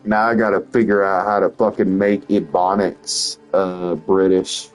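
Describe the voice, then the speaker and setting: A man's voice: low voice, flat delivery, unhurried, soft background music, rough recording. A man streaming a video game and chatting casually, joking and swearing a lot and laughing often. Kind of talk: casual gameplay commentary.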